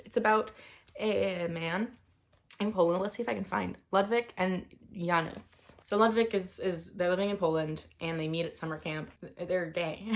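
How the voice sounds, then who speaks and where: A woman's voice: medium pitch, vocal fry, fairly bright tone. A woman reviewing books in a casual, rambling chat, full of fillers and gushing enthusiasm. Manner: rambling, with many fillers and restarts. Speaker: book reviewer.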